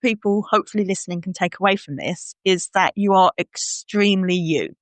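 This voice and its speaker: A woman's voice: medium pitch, fairly quick, no room sound. Chatty woman podcast host, dry close sound. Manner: chatty, acts out her inner voice in little quoted scenes. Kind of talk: casual chat.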